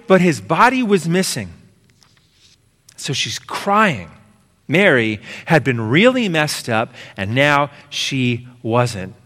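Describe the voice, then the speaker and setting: A man preaches as pastor, with a voice pitched a little above the usual male range. His delivery builds through rhythmic repeated lines, then drops to a hush. A long reverb from the church hall trails after his words. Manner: rhythmic repetition, swinging from emphatic to hushed. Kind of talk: sermon.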